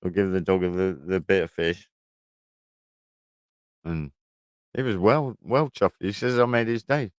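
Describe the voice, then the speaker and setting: A man's voice: sits low, lively intonation, slow, pauses often, clear, resonant tone, no echo. A man, chatting casually on a livestream from his shed, telling rambling stories full of swearing. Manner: rambling storytelling, heavy swearing. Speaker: livestream host. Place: garden shed.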